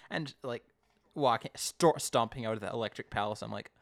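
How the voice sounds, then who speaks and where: A man casually recapping an episode as a podcast co-host, chatty and animated. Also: medium pitch, a little fast, creaky, dry recording, studio quality. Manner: chatty, animated storytelling with acted quotes.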